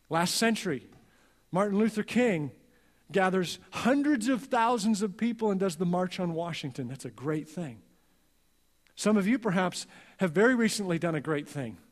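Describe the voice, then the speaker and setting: A male pastor preaching a sermon earnestly, going soft and slow on key lines. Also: high voice. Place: church sanctuary. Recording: long reverb of a church hall.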